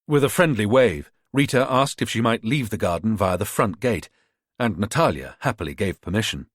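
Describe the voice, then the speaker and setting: A man narrating a thriller audiobook in a measured, expressive reading. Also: fairly low pitch, husky, no echo, clean studio sound.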